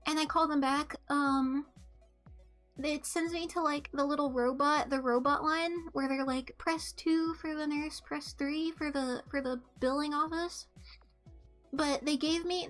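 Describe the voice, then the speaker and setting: A woman's voice: high-pitched, a bit bright. A young woman streamer chatting casually about her day, rambling with lots of ums and restarts, coughing with a mucus-filled throat. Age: young adult. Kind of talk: casual chat.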